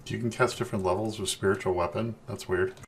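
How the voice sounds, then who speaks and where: A man playing a tabletop game who talks in a relaxed, halting way, thinking aloud as he decides. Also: fairly low pitch. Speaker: player. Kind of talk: casual tabletop game chat.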